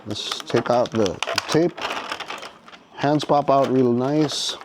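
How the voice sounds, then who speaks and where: A man talks his way through a toy figure at an easy, unhurried pace, his pitch sitting in a middle range. He thinks aloud, restarts his phrases and keeps checking in with the listener, his enthusiasm for the figure plain in every remark. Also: darkish tone. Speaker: toy reviewer. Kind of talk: casual unboxing commentary.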